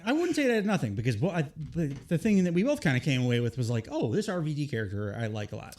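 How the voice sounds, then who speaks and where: A man chatting as a podcast co-host, his voice a little high and very lively in its rises and falls. He sounds enthusiastic and laughs often. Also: fast. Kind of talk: casual chat about wrestling.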